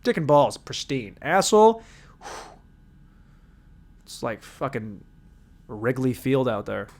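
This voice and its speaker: Brief: male solo podcast host, crude rant with a lively, swooping delivery. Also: medium pitch, slow pace, a little hiss or hum. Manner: crude, animated, ranting.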